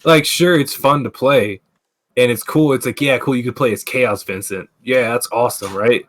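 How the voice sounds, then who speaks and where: A man's voice: mid-range voice, normal speed. Ranting, foul-mouthed podcast host man. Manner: profane, ranting, lots of filler words. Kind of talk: casual gaming podcast chat. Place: streaming setup.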